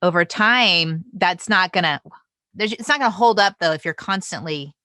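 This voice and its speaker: A woman host with a bright, forceful, lower-pitched voice, recorded dry and close. She affirms her guest and muses on her own experience as a parent. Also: normal speed, no room sound. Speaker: podcast host. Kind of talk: podcast conversation.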